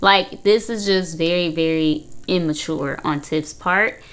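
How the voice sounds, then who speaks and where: A woman's voice: on the low side, a little slow, fairly bright tone. A young woman recapping and reacting to a reality show in casual chat, blunt and full of "like" and "you know". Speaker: reaction video host, counseling student.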